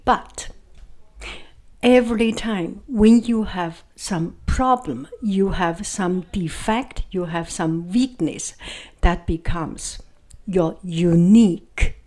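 Slow-speaking Chinese-accented woman. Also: fairly low pitch, darkish tone. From China. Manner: repeats words, halting phrasing with fillers. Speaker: vlogger. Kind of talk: casual reflective monologue.

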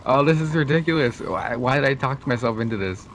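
A young man from Canada joking with friends over voice chat during a co-op game. He talks in a relaxed, teasing way and laughs easily. Faint game sounds sit behind his voice. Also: medium pitch, quick pace, slight background noise. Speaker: gamer. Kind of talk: casual co-op gaming chat.

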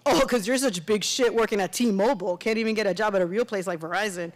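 A woman's voice: medium pitch, fast, lightly acted. A woman voicing a touchy young man, an aspiring bodybuilder who talks in an insistent, defensive way.

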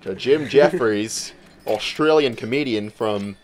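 A man's voice: mid-range voice, measured pace. A young man hosting a let's play, chatting casually and joking in mock-earnest tones. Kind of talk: casual gaming chat.

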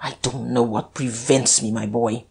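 Casting: woman narrator voicing a cornered, defiant detective, low and slow. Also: fairly even intonation, husky, heavily acted. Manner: snarling, stammering, defiant. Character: desperate, rattled male police detective.

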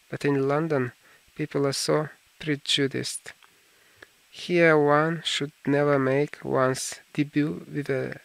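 A man voicing a cool, worldly aristocrat in an audiobook, measured and urbane in manner. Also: fairly high pitch, vocal fry, a bit bright, no room sound, full character voice, poor audio. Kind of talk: audiobook character reading.

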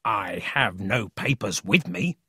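A man voicing a lying adult thief who talks slowly and dismissively. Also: lowish voice, lively intonation, bright, forceful tone, husky, no echo, clean studio sound, voice pushed down, full character voice. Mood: smug. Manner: slow, smug, dismissive.

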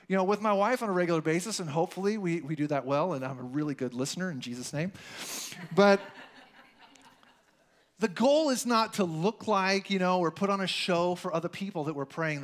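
Male preacher, high voice, loose storytelling delivery, filler-heavy, conversational sermon. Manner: chatty, storytelling, lots of "like" and "you know". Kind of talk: casual sermon with personal stories.

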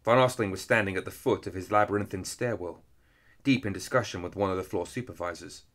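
Low voiced guy reading an action story, steady measured pace. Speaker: audiobook reader. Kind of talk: scripted narration.

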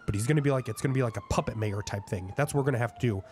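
A man improvising a scheming character in a game role-play, swearing freely and often breaking into frantic yelling. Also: mid-range voice, racing, a little hiss or hum. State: hoarse from screaming.

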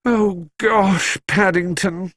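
A man's voice: on the high side, huge pitch swings, normal speed, a bit bright, no room sound, pitched above the performer's own voice, heavily acted. A man voicing a cheerful, sensible young girl in a storybook reading, in a raised voice.

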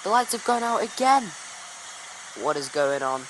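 A woman giving excitable play-by-play wrestling commentary, bursting into exclamations. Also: mid-range voice, moderate pace, noisy background. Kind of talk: play-by-play wrestling commentary over a video game.

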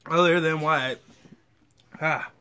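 A man talks slowly and chattily on camera with a bright, sharp tone, hiccuping as he goes. Light noise hums faintly behind him in a home recording. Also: a little high, steady tone. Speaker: vlogger eating hot sauce. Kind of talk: casual on-camera chat.

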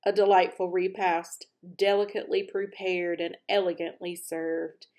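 Storybook bug: pompous, stuffed, wheezy male insect, put on by a woman reader, slow and showy. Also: on the low side, little pitch movement, darkish tone, lightly acted. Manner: grandiose, flowery speech.

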